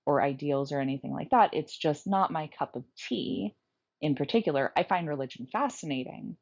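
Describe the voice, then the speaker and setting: Low-pitched woman podcast co-host; open, reflective, laughs often; muffled lo-fi recording. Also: animated, normal speed, darkish tone. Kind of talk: candid podcast conversation. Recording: dull lo-fi sound.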